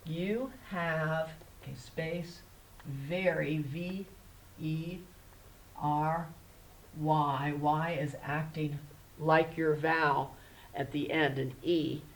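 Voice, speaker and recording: A woman kindergarten teacher with a low voice takes her handwriting class through each letter step by step. She is gentle and patient and speaks in an unhurried way that leaves room for small children to follow. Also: steady tone, slight background noise, poor audio. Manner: patient, spells words out letter by letter; gentle, instructive. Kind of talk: handwriting lesson.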